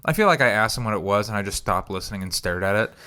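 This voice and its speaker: A man's voice: lowish voice, lively intonation, rapid-fire, sharp tone, smooth. A man hosting a comedy podcast, telling rambling stories in casual chat and acting out quoted voices. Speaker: podcast host.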